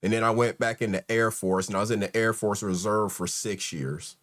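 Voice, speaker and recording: A man's voice: on the low side, a little fast, fairly bright tone. Laid-back man hosting a live chat. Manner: laid-back, greets chat members one by one. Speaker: host. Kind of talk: casual live-stream chat.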